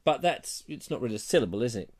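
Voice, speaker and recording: A man from England hosts a casual live show, musing aloud and reading viewers' comments with a self-deprecating streak. His pitch sits in the middle but swings widely, so his delivery sounds animated and sing-song. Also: quick pace. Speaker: host of a live online show.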